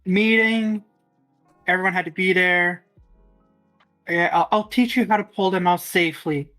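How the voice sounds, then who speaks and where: A woman's voice: fairly low pitch, measured pace, a bit bright, soft background music. A woman voicing a fussy, protective male baker in a tabletop game, talking in a fretful, scolding way.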